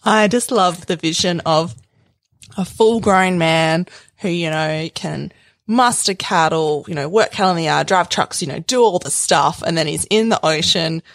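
Teasing woman interviewer with a lowish voice. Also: unhurried, dry recording. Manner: teasing, amused. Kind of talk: casual interview.

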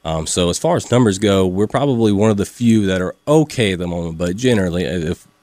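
A man's voice: low voice, animated, fast talker, darkish tone, no echo. A man in his thirties, a sheriff's deputy, talking plainly in a radio interview with many fillers and restarts.

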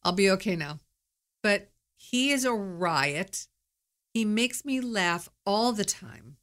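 A woman's voice: medium pitch, expressive, slow, a bit bright. Candid, chatty woman podcast host. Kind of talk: casual monologue.

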